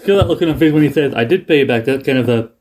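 A man's voice: mid-range voice, rapid-fire, darkish tone, a little hiss or hum. Rambling man retelling a sitcom scene. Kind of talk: casual chat recapping a sitcom episode.

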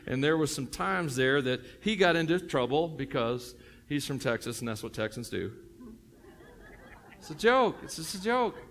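A man's voice: fairly high pitch, expressive, normal speed, a bit bright. Joking, chatty male pastor preaching. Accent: Tennessee. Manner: joking, conversational, many fillers and restarts. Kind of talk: sermon.

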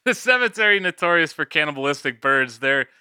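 A man's voice: fairly high pitch, animated, moderate pace, sharp tone, clean tone, no room sound, clean studio sound. A man co-hosting a comedy podcast, chatting casually and laughing often as he jokes around. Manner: laughs often, jokey and playful. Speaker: podcast co-host. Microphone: studio podcast mic.

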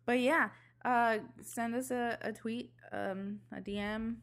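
A young woman co-hosting a podcast, chatting casually and telling stories with excitement and frequent swearing. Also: fairly high pitch, slow pace. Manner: excited, swears freely, storytelling. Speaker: podcast co-host. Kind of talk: casual chat.

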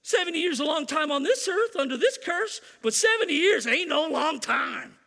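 A man's voice: very high voice, very animated, moderate pace, gravelly, sharp tone, in a large hall. A man preaching a sermon to his church, emphatic and repeating key lines, teasing the congregation now and then. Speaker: pastor.

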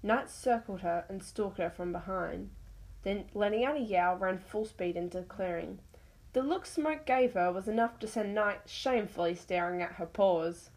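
A woman's voice: medium pitch, moderate pace, a little mellow, rough recording. A woman reading her own animal story aloud, stumbling over words now and then.

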